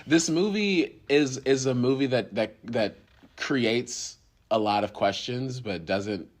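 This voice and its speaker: A man hosting a podcast, chatting casually about a film, halting and restarting, laughing often. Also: medium pitch, animated. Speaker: podcast host. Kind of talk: casual film review chat.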